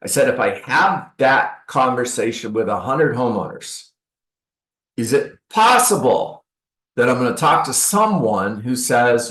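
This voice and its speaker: Speaking at a measured pace with a mid-range voice, a man leads a real estate training seminar in a roomy-sounding space. He plays out sales calls animatedly for the audience, adding sarcastic asides along the way.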